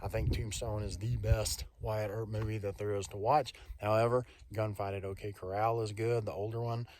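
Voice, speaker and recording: A middle-aged man with a relaxed drawl talks in a friendly, meandering way to a handheld phone camera. He speaks from a trail out in the open air, and his voice sits a touch low. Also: moderate pace, dry recording. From Texas. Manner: friendly, rambling, folksy. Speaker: vlogger. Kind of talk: casual vlog to camera. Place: outdoors on a canyon hiking trail.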